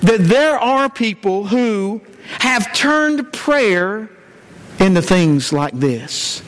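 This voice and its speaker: A man's voice: sits high, lively intonation, slow pace. A man, teaching a Sunday morning church lesson in a folksy way with many "uh" fillers.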